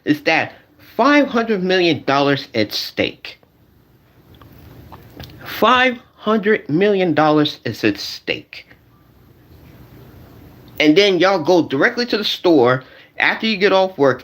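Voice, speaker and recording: A man's voice: high voice, takes it slowly, pauses often. Male streamer doing a comic rant to his chat, voice swinging up and down a lot, keeps repeating himself. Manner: animated, repetitive, addresses the audience directly. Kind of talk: comedic rant to a live chat.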